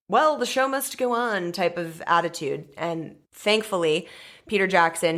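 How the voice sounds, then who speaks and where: Woman podcast host in her thirties, from the US, lowish voice, candid and swears freely, soft laughs throughout. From United States. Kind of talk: personal storytelling monologue.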